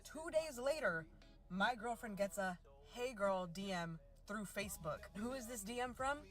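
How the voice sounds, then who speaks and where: A woman's voice: medium pitch, animated, normal speed, faint music behind. A woman telling a personal story in a casual, chatty way, full of "like" fillers.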